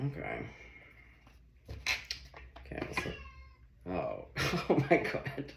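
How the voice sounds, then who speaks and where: A man's voice: deep voice, huge pitch swings, slow pace, gravelly, pauses often. A man giving a casual tarot reading at home, chatty and talking to himself, swearing and laughing as he goes, recorded on a phone in his kitchen. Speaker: tarot reader. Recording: echoey room with loud background noise.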